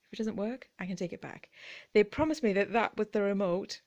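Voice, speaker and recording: A woman's voice: mid-range voice, brisk, darkish tone, highs cut off. British woman vlogger in a mid-range voice, chatty and giggly, loose unscripted ramble. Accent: British English. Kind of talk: casual chat.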